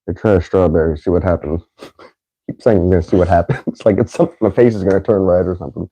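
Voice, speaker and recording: A man's voice: low-pitched, fairly even intonation, fast, warm tone, husky. A man hosting a casual podcast, doing a food taste challenge, laughing often and swearing casually. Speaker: podcast host.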